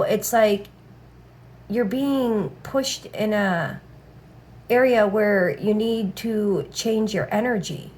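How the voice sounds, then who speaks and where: A woman's voice: medium pitch, darkish tone. A woman giving a casual tarot reading, blunt and profane, with a habit of saying "all right" again and again. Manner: blunt, swears freely, repeats "all right". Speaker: tarot reader.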